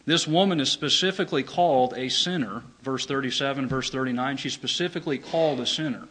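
A man's voice: mid-range voice, brisk, a bit bright, rough recording. Guy preaching a sermon, earnest and emphatic, reads the verses out. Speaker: pastor.

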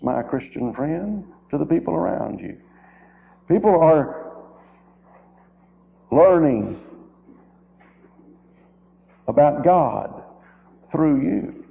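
A man's voice: mid-range voice, creaky. A man preaching a sermon as a guest speaker, emphatic, with rhetorical questions and runs of repeated phrases. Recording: tinny, narrow-band old tape recording.

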